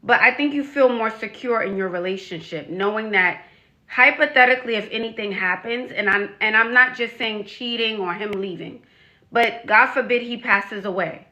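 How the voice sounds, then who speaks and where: A woman life coach talks straight to the camera with a bright, forceful tone that sits a little high. She drives each point home by repeating it and tossing out rhetorical questions, speaking frankly to young women. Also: normal speed. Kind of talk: direct-to-camera advice vlog.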